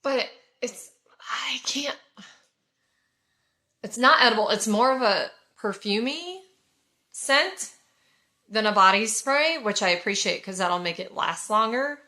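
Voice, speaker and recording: Reviewing scented products, this Californian woman in her forties talks straight to her viewers in an effusive, gushing haul vlog. Her medium-pitched voice is bright, forceful, and expressive, moving at a normal speed.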